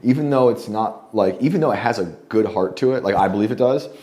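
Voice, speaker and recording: A man guest telling a story in casual conversation at a home lunch table, rambling with many fillers and often clearing his throat. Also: lowish voice, quick pace, mellow. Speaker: guest journalist.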